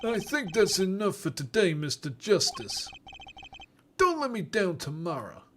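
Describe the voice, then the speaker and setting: Streamer doing a low-key scary old mob boss guy, slow and threatening, voice swinging up and down a lot, game voice. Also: very animated, slight background noise. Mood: stern. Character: gruff old male mob boss, menacing.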